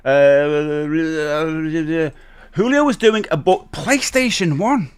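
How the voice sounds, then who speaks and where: Hosting a live stream, a middle-aged man chats in a casual, rambling way, reading out and answering viewer messages and greeting those watching. His voice is fairly high, clear, and resonant, and he draws out his words.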